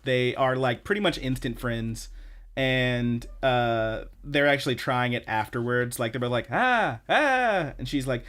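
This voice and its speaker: A young man co-hosts a casual podcast, tumbling through scene recaps with lots of swearing and filler words. His voice sits at an ordinary middle pitch, neither deep nor high. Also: normal speed, clean tone. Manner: excited, profane retelling with many "like"s. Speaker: podcast co-host.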